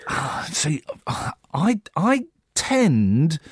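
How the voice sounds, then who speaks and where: A man's voice: fairly high pitch, wildly swooping pitch, very slow, husky, no room sound. A middle-aged man hosting a radio phone-in, rambling and playful, full of jokes. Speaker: radio host.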